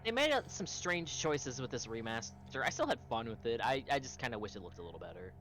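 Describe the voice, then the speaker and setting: Relaxed young man sharing game trivia. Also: medium pitch, a little fast, slight background noise. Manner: relaxed, enthusiastic fan explaining trivia. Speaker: co-host friend. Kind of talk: casual gaming chat.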